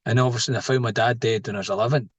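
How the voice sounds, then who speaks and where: Man, middle-aged, mid-pitched voice, joking storyteller, dry close sound. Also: steady tone, racing, husky, no room sound. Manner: joking, laughs at his own stories. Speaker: podcast guest. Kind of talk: casual storytelling interview.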